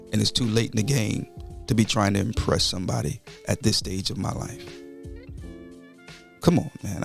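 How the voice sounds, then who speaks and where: A man, hosting a casual morning show and greeting viewers by name. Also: mid-range voice. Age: 40s. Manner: animated, shouts out viewers by name. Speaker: host and pastor.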